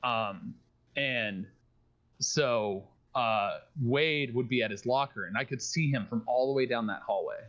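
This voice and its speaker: A man's voice: mid-range voice, unhurried, fairly bright tone, dull audio. A man telling stories in a casual late-night stream chat, often laughing as he rambles.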